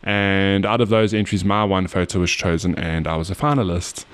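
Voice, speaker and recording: Nasal South African man in his thirties, fairly low voice, laughing podcast co-host telling stories. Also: moderate pace, smooth. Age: 30s. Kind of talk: casual chat.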